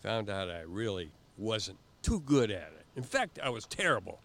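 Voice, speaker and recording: An older man telling stories in a casual interview, halting and often repeating words as he goes. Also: lowish voice, sing-song, fairly bright tone. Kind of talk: casual storytelling.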